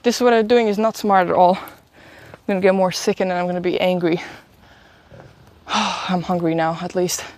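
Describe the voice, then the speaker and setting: Walking uphill through a town on a live stream, a young woman chats into her phone, sounding a bit under the weather and congested. Her lowish, darkish voice stays fairly even at a moderate pace with no room sound, as she tells rambling stories full of laughter and swearing.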